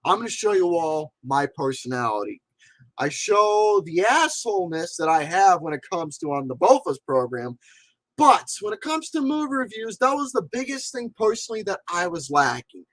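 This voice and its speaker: A man's voice: fairly high pitch, fairly bright tone, no room sound, rough recording. A man in his forties, a movie reviewer and channel host, giving a blunt, profane, emphatic livestream monologue.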